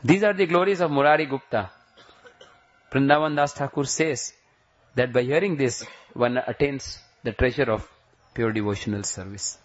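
Guy preaching a story sermon, slows way down n lifts his voice on the prayers, muffled old recording. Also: medium pitch. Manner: slows and rises when voicing prayers. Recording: dull lo-fi recording.

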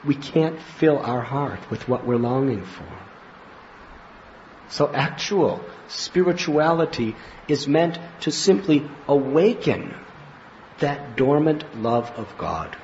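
A man giving a devotional spiritual talk as a teacher, telling anecdotes in an animated way and acting out scenes. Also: mid-range voice, slow, a little hiss or hum. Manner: animated storyteller, acts out scenes with laughs and cries. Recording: slightly muffled lo-fi recording with faint ambience.

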